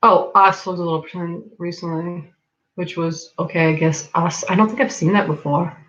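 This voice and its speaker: A woman's voice: on the low side, steady tone, moderate pace, a bit bright, muffled recording, a little hiss or hum. A woman from Massachusetts with a local accent between Boston and Rhode Island, chatting casually on a livestream, reading comments, laughing often and filling her talk with "like". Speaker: livestream host.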